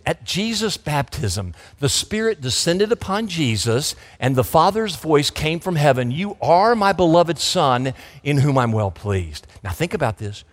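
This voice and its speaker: A man preaching a sermon as pastor, fervent, his delivery swinging between loud emphasis and soft, intimate asides. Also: a little high, husky. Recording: long hall reverb.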